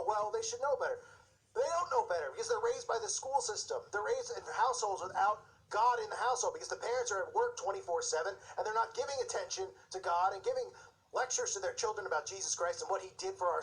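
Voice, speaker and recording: A man's voice: sits high, rough recording. A man giving impassioned video commentary, fired up and sarcastic, slipping into mocking voices. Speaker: Christian commentator.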